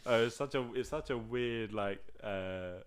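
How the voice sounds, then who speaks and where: A man co-hosting a podcast, telling stories in a rambling, excitable way full of fillers and restarts. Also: lowish voice, measured pace, clean tone. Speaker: podcast co-host. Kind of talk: casual storytelling chat. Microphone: podcast mic.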